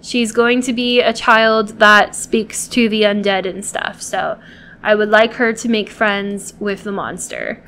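A woman's voice: medium pitch, steady tone, unhurried, a bit bright. A woman hosting a gameplay video, chatting casually to viewers and coaxing and pleading with the characters she controls.

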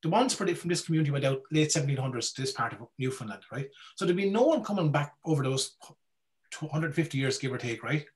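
Fast-talking man, lively folklorist. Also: a little high. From Ireland. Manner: animated, repeats words while thinking. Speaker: guest speaker, folklorist. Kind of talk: casual talk with questions.

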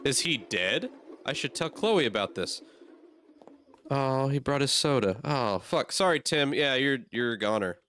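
A man's voice: medium pitch, animated, unhurried, fairly bright tone. A man playing a horror game and talking through it aloud, easily startled and swearing often. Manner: jumpy, swears a lot, reacts aloud. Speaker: gamer.

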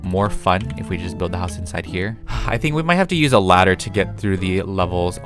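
A man's voice: sits low, expressive, brisk, few pauses, a bit bright, faint music behind. A young man giving casual, rambling commentary as he builds something in a video game, talking to himself with lots of fillers. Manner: chatty, rambling, self-talk with frequent fillers and giggles.

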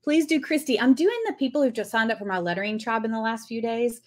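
A woman's voice: on the high side, quick pace. Lady doing a live lettering class, chatty, says hi to everyone in chat as she goes. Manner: chatty, greets viewers by name while working. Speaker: lettering teacher.

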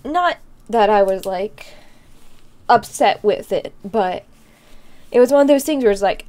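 A young woman streamer in her twenties speaks with a slightly high, expressive, darkish voice, a bit slowly and with frequent pauses. In a casual live-stream chat she's emotional, laughing through tears and rambling with many fillers.

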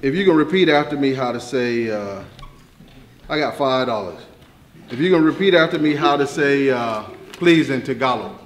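A man's voice: medium pitch, animated, moderate pace, a little hiss or hum. A man leading a group activity in a casual classroom, joking and coaxing people to try. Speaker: instructor. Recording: echoey room with group chatter.

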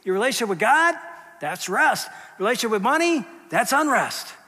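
A man preaching in a church with a high, bright, forceful voice. He talks conversationally and shifts between quiet, hushed asides and loud, emphatic lines. His voice carries a long reverb off the sanctuary. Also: big pitch swings, normal speed, husky. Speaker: pastor. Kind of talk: sermon.

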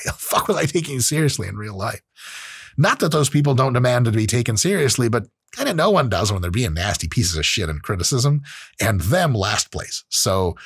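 A man's voice: medium pitch, slightly rough, dry recording, studio quality. A man in his late thirties hosting his own show, talking in a blunt, profane, casual solo monologue. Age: late 30s. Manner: blunt and profane, with acted-out quotes. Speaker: host.

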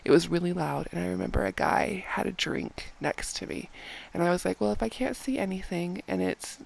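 A woman giving excited gameplay commentary at home at night, repeating phrases and often dropping to a hushed whisper so she won't wake others. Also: on the low side, brisk, vocal fry. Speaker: game vlogger.

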